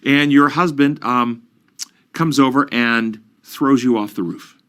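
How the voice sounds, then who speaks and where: A man's voice: mid-range voice, measured pace, a bit bright, smooth. A man counseling and explaining ideas earnestly in an interview, using examples and questions. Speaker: counselor guest.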